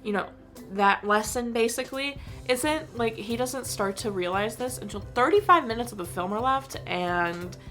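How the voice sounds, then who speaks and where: Woman, creaky vlogger voice, rambling exasperated film rant, faint music behind. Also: mid-range voice, fairly bright tone. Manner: rambling, heavy use of "like", exasperated. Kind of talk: casual movie review rant.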